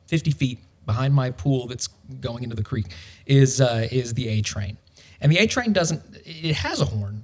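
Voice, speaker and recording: A man, a realtor guest on a podcast, talking in a wry, storytelling way with dry humor. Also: medium pitch. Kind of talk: casual podcast chat.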